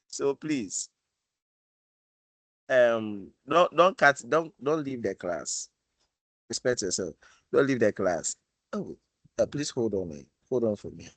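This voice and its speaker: A man teaching a live online programming class, halting and repeating words as he coaxes and teases his students. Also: medium pitch, fairly bright tone, no room sound, rough recording. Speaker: programming instructor.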